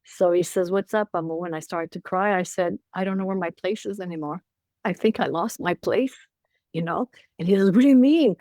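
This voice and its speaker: A woman's voice: lowish voice, steady tone, normal speed, a little mellow, no echo. An older woman, a co-parenting coach, telling personal stories in an emotional, repetitive way as a podcast guest. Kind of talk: casual interview chat.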